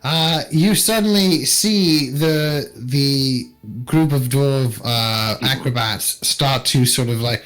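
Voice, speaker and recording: A man narrating as game master of a tabletop game, in an unhurried, halting manner with many fillers. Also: mid-range voice, fairly bright tone, faint music behind, poor audio.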